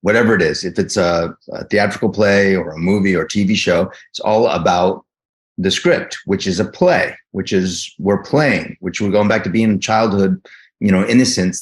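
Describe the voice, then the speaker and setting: A middle-aged man from New Jersey with a New Jersey accent, an actor guest telling stories with enthusiasm and frequent restarts. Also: lowish voice. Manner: enthusiastic storyteller, many restarts. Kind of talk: casual interview answers.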